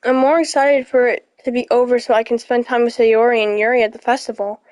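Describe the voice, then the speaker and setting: A woman's voice: fairly high pitch, steady tone, fast talker, a little mellow, no echo, low-quality recording. A young woman reading a visual novel aloud over an online call, dramatic and given to repeating herself when upset. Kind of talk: emotional game read-aloud.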